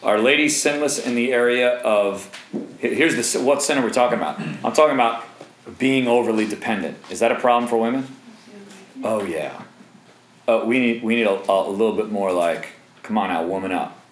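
A man in his thirties preaching a sermon in an animated, joking way, with asides to the crowd. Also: fairly low pitch, normal speed, reverberant, a little hiss or hum, low-quality recording. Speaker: pastor.

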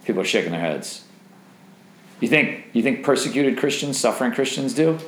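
A man's voice: medium pitch, animated, a little fast. A man leading a Bible study for young singles, talking conversationally, quizzing the group and joking. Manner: conversational, asks the group questions and jokes. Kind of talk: interactive Bible teaching. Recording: roomy echo.

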